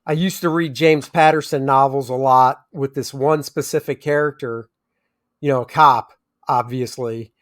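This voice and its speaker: A man's voice: mid-range voice, steady tone, normal speed. A man co-hosting a casual movie review chat, rambling and often restarting as he searches for names. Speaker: movie review podcast co-host.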